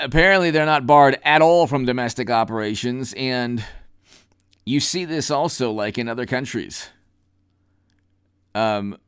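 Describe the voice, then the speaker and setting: A man's voice: medium pitch, a bit bright, clear, resonant tone, no room sound, clean studio sound. A man hosting an unscripted political commentary stream, talking in a rambling, emphatic way with many restarts. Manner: reads out viewer names and thanks them.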